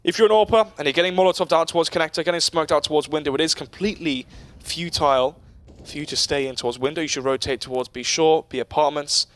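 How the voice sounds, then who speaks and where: Quick, joking male esports caster. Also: fairly high pitch, a bit bright. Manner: quick, joking, laughs often. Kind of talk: play-by-play commentary.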